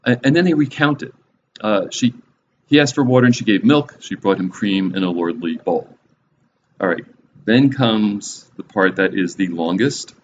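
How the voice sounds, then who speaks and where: Low-voiced man casually teaching Bible. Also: moderate pace. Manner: conversational, wry and joking. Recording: slightly dull recording with faint hiss.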